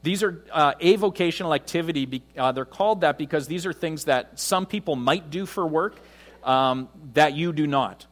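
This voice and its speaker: Guy preaching a sermon, easygoing, pauses a lot. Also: fairly high pitch. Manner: conversational preaching with frequent pauses. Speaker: pastor. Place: church.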